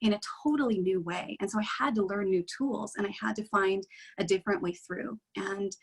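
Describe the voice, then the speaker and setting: A woman leading a guided meditation in a gentle, reassuring, unhurried way. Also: mid-range voice, husky, poor audio.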